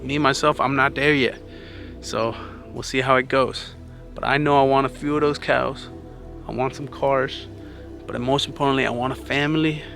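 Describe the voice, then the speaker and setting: Man, earnest vlog advice, gravelly voice, mid pitch, a bit out of breath, music underneath. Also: fairly even intonation, moderate pace, a bit bright. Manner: earnest, conversational, says "man" often. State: slightly out of breath. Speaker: vlogger. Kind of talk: casual motivational talk.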